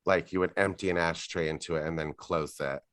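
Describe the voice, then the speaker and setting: A man co-hosting a podcast chats casually, frank and offhand, with a bit of swearing. His voice sits low with a fairly bright tone and fairly even intonation, he talks briskly, and the studio sound is clean with no room sound.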